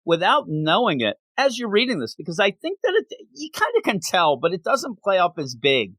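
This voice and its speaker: A man's voice: high voice, wildly swooping pitch, normal speed, sharp tone, no echo. A man co-hosting a manga review podcast, retelling the story in casual chat and acting out the characters' lines.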